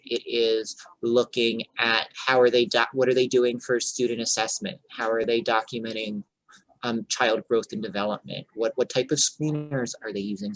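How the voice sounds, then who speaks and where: A man, a childcare director, giving an earnest, explanatory online workshop over a video call and pausing to check for questions. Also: mid-range voice, a bit bright, poor audio.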